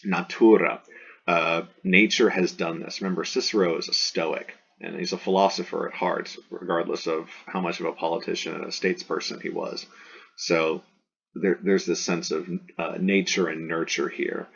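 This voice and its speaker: Male Latin teacher, deep and gravelly, casual explaining lecture style with fillers, muffled lo-fi recording. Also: flat delivery, normal speed, fairly bright tone. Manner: explanatory and conversational, many fillers and restarts. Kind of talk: line-by-line classroom translation lecture. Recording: dull lo-fi audio.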